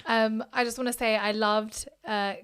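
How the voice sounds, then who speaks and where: A woman's voice: a little high, little pitch movement, moderate pace, a bit bright, clear, resonant tone. A woman co-hosting a podcast, chatty and giggly in easygoing banter. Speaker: podcast co-host. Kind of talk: casual chat.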